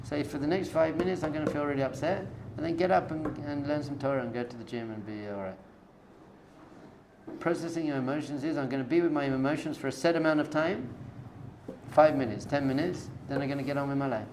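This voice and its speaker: Male rabbi, mid pitch, casual direct lecturing style, light background hiss. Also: brisk. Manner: conversational, direct, coaching tone with everyday analogies. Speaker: rabbi teaching a class. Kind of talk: informal spoken lecture to a live group.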